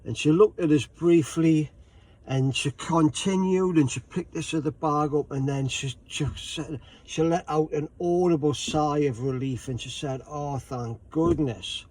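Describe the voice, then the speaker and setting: A man's voice: fairly high pitch, unhurried, a little mellow, rough recording. A middle-aged man, casually telling a rambling story to camera with many ums and restarts. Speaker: vlogger.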